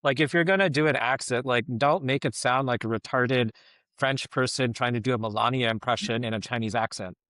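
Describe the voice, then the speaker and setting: A man's voice: mid-range voice, a little fast, fairly bright tone, no echo, studio quality. A middle-aged man giving casual podcast commentary, rambling and filling his talk with "like, you know".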